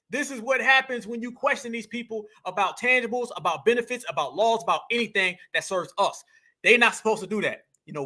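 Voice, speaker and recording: Fast, bright-voiced man ranting. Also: sits high. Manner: emphatic, slangy, addresses viewers as family. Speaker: commentary show host. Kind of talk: political commentary rant.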